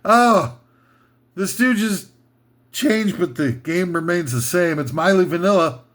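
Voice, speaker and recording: Comic ranter, male, higher register, unhurried sarcastic delivery that wanders and chuckles at itself. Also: expressive, a bit bright. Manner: sarcastic, rambling, laughs at his own jokes. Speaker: comedic ranter. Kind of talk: improvised comedy rant.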